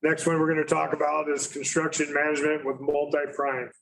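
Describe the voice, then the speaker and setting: Halting man presenting at a meeting. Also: fairly high pitch, monotone, gravelly, fairly bright tone, poor audio. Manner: halting, many fillers and self-corrections. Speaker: school district facilities presenter.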